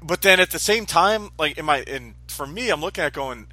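A man's voice: fairly high pitch, brisk, dry recording. A man in casual chat about a movie, retelling scenes and acting out his reactions. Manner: animated storyteller, acts out reactions. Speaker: movie podcast co-host.

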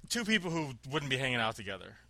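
A man tells a rambling workplace story in easy conversation, laughing as he goes and slipping into silly voices for the people he quotes. His voice is bright and tense, recorded close and dry. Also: medium pitch, sing-song, quick pace, creaky, no room sound. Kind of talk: casual chat, storytelling.

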